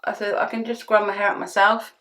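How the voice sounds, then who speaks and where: Bright-voiced chatty British woman. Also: mid-range voice, level tone, a little fast. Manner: chatty, rambling, exasperated retelling. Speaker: beauty vlogger. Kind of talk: casual storytime while doing makeup.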